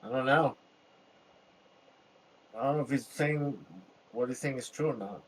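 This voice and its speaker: A man talking calmly as a player in a tabletop game on a voice call. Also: mid-range voice, normal speed, a little hiss or hum, poor audio. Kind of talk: casual tabletop play on a call.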